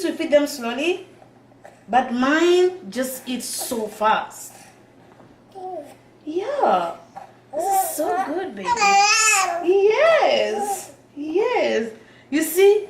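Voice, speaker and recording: A woman, a mother of twins, chatting casually as she shows how she feeds her baby at home. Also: a little high. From Africa. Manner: chatty, repeats "you see", laughs often. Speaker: mother of twin babies. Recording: roomy with faint noise.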